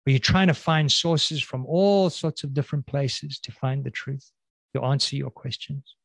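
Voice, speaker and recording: A man preaching a sermon, pressing the listeners with repeated questions and slowing down to stress key words. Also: mid-range voice, steady tone, gravelly, no echo, studio quality. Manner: questioning, emphatic, slows and drops on key words.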